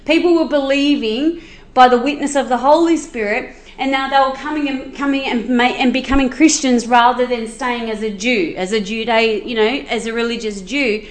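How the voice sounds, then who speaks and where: A woman retells a Bible story in a chatty, animated way, full of asides and quick restarts. Her voice is high. The room around her is noticeably echoey. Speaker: Bible teacher.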